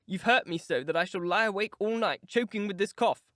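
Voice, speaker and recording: A man's voice: sits high, fairly quick, fairly bright tone, no room sound, studio quality, voice pushed up. A man reading an audiobook, voicing a sickly, spiteful teenage boy with a whiny, petulant manner. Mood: self-pitying.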